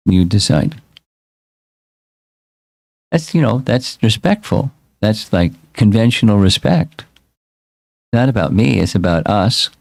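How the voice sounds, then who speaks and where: A man's voice: on the low side, creaky, dark tone, no echo, clean studio sound. A man as a spiritual teacher giving a casual scripture class, reflective and repeating himself as he restarts words.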